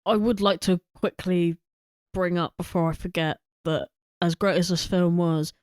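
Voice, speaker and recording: A woman co-hosting a film podcast, talking in an animated way, acting out her own reactions with exclamations. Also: fairly low pitch, moderate pace, no room sound, studio quality. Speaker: podcast co-host. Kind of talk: casual film discussion.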